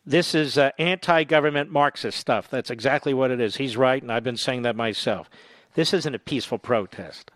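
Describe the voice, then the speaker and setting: A man's voice: mid-range voice, moderate pace, a bit bright, dry recording, studio quality. A man hosting a political talk radio show, speaking in a combative, emphatic monologue.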